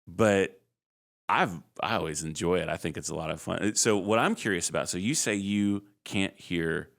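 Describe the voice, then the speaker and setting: A man co-hosting a podcast in casual chat, animated and laughing often. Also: low voice, normal speed, vocal fry. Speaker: podcast co-host.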